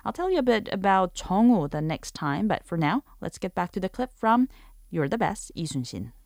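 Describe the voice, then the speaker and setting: Dry, clear woman teaching a language. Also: medium pitch, sing-song, darkish tone, dry recording. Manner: clear, explanatory, models phrases slowly. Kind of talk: scripted language lesson.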